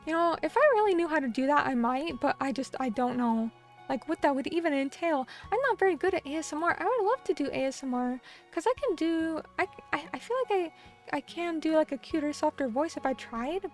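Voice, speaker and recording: Bubbly high-voiced woman streamer. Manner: bubbly, effusive, stumbles over words. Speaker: vtuber streamer. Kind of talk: casual live-stream chat.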